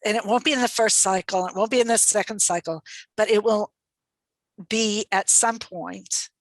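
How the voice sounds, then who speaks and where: A thoughtful woman guest speaker answers questions over a video call. Her voice sits at a middle pitch and comes through dry and close, with no room sound. She speaks reflectively and laughs lightly now and then. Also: fairly even intonation, moderate pace, dry recording, poor audio. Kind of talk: online webinar Q&A answer.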